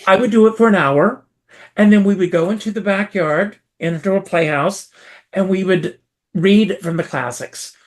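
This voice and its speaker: As an interview guest, a performer from South Carolina shares his story in a high voice at a moderate pace. He lays on lively, theatrical emphasis.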